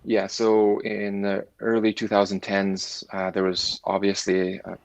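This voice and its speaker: A man with a Canadian accent, a company director answering interview questions in a measured way with frequent restarts. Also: lowish voice, completely flat delivery, gravelly, no room sound. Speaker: guest, managing director.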